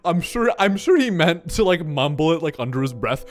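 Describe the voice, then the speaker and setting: A young man telling a comic story from his childhood, animated and sweary, with lots of exaggeration. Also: on the high side, fairly quick.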